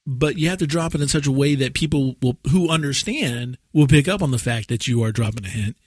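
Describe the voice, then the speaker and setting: A man co-hosting a casual podcast, chatting and joking in a drawn-out storytelling way. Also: mid-range voice, a little mellow, husky, no room sound, studio quality. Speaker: podcast co-host. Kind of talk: casual chat.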